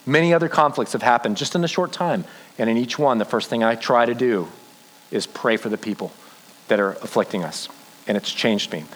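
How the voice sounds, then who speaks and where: A man preaching a sermon as a pastor, telling his story earnestly and slowing down for emphasis. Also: mid-range voice, rough recording.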